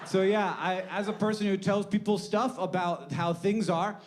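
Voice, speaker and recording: A man's voice: sits high, steady tone, normal speed. A man delivering a rambling, wry comedic monologue, profane at times, over a noisy recording.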